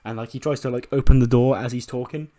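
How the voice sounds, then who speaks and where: A man's voice: mid-range voice, fairly even intonation, fast talker, warm tone. A man casually narrating and commenting on his game run, swearing freely and laughing along. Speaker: gaming video host.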